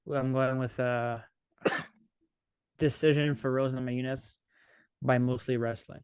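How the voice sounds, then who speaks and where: A man's voice: mid-range voice, little pitch movement, measured pace, darkish tone, smooth, no room sound. A man co-hosting a podcast in casual chat, joking and laughing as he talks. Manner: joking, laughs while talking. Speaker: podcast co-host.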